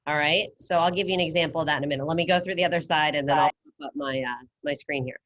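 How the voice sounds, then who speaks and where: A woman's voice: sits low, racing, fairly bright tone, highs cut off. A woman teaching a Spanish class over a video call, patient and encouraging as she explains step by step. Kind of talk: online class lesson. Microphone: computer mic on video call.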